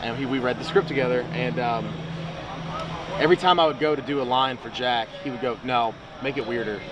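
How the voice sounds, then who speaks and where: A man, an actor guest, telling animated stories in a casual interview, acting out what others said to him. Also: medium pitch, a little fast, a loud crowd, rough recording. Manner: animated storyteller, acts out quotes. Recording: outdoor interview with clear street noise.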